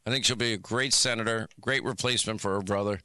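A man hosting a call-in radio talk show, talking quickly with stammering restarts. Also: on the low side, fairly even intonation, bright, forceful tone, clean tone. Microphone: studio microphone.

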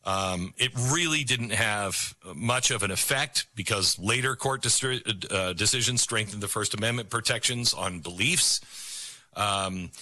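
Bright-toned male talk radio host. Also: fairly low pitch. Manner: musing, halting with restarts.

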